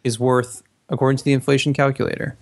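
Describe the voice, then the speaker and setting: A man's voice: medium pitch, little pitch movement, fast. A man co-hosting a casual tech podcast, making wry quips. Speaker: podcast co-host.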